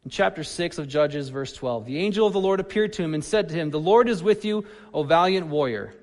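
Man, sermon, high voice, lively then hushed, long hall reverb. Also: brisk. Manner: animated, shifts between loud emphasis and soft asides. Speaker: pastor.

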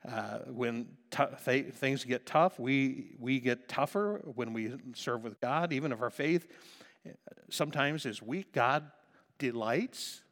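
A pastor preaching a passionate sermon, dropping to a hush and then rising to loud emphasis. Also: male voice, medium pitch, lively intonation, slow pace. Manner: impassioned, swinging between hushed and loud. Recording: reverberant hall.

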